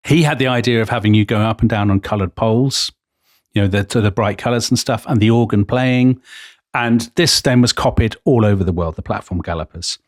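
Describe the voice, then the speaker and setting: Here a male co-host of a history podcast, English, chats casually and tells stories eagerly, wandering into frequent asides. His pitch sits in the middle range, and the sound is dry with studio quality.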